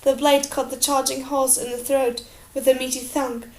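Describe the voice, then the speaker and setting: A woman narrating an audiobook in a steady, expressive storytelling manner. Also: high-pitched, normal speed. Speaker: audiobook reader. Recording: roomy echo.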